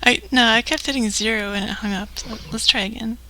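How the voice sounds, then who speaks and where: A woman co-hosting a prank-call show, with quick, offhand remarks. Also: fairly high pitch, steady tone, pushed and bright, slight background noise, rough recording.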